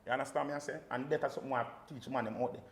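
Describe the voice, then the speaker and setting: Fast-talking Jamaican man, emphatic. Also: mid-range voice, reverberant, slight background noise. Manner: emphatic, animated storytelling with patois. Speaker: guest, sound system selector. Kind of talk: casual podcast conversation.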